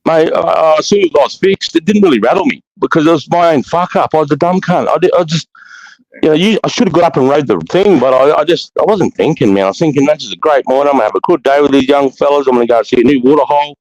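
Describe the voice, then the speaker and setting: A man's voice: fairly high pitch, quick pace, darkish tone, no room sound, dull audio. A man in his forties with an Australian accent, telling stories in a blunt, heavily swearing casual chat. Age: 40s. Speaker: podcast host.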